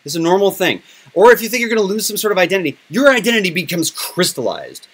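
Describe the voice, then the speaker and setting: A middle-aged man with a voice sitting a little high for a man, talking in loose, candid podcast chat. He gets emotional and swears freely as he opens up. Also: sing-song, quick pace, a bit bright, breathy edge. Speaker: podcast host. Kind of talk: casual chat.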